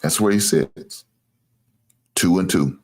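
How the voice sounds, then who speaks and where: Low-sitting and darkish in tone, this man's voice moves at a slow pace. Hosting a sports show, he rants casually at viewers with trash talk, boasts and teasing, swears freely and laughs at his own jokes.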